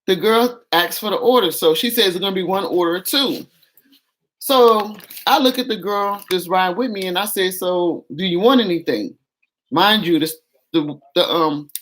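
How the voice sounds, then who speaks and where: This woman vlogger's voice is on the low side. She addresses her viewers directly, recounting a story casually, with animation and exasperation.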